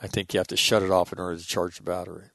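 In a loose, rambling monologue, a middle-aged man with a lowish, fairly bright voice tells stories rapid-fire, with a flat delivery and vocal fry. He restarts sentences and swears casually, and the audio is close and dry without room echo.

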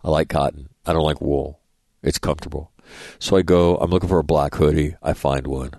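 A man's voice: rumbling low, steady tone, brisk, vocal fry, a little mellow, no echo. A middle-aged man hosting a radio show, telling rambling, profane anecdotes and acting out the dialogue in a casual monologue.

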